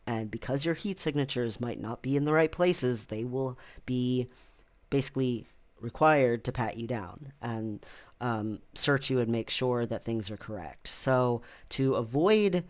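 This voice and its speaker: A man talking casually in a personal vlog, with a voice of ordinary middle pitch. He rambles loosely, stops often for ums, and breaks into laughter easily. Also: unhurried. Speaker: vlogger.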